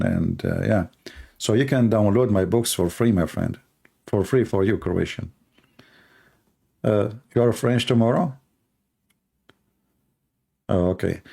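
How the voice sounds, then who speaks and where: A man hosting a live stream, talking in a rambling, joking way with halting, broken grammar. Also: lowish voice, gravelly. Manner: animated, joking, teasing, with halting non-native grammar. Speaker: live-stream show host.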